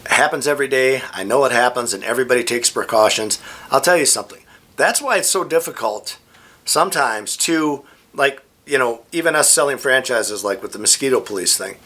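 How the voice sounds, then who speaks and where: A middle-aged man telling rambling, animated stories in a casual vlog. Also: mid-range voice, brisk. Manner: rambling, animated anecdotes with frequent restarts. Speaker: vlogger. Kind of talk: casual storytelling.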